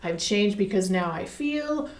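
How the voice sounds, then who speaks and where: A woman's voice: mid-range voice, animated, a little slow. A woman co-hosting an instructional podcast chat as a hypnotist, upbeat and conversational, turning to her partner for input. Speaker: hypnotist co-host. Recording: echoey room.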